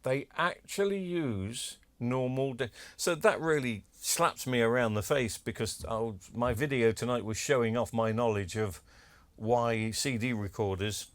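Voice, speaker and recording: Male, repair vlogger, chatty and cheeky, mid-pitched, dry room. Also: measured pace, dry recording. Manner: chatty, self-deprecating, cheeky asides. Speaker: electronics repair video maker. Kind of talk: casual demo talk to camera.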